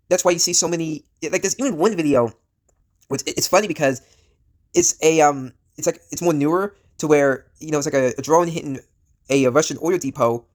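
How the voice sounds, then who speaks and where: Sick man ranting with a raised voice. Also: a little high. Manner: rambling, full of fillers and restarts, blunt and profane. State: sick, coughing. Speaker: vlogger. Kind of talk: casual ranting commentary.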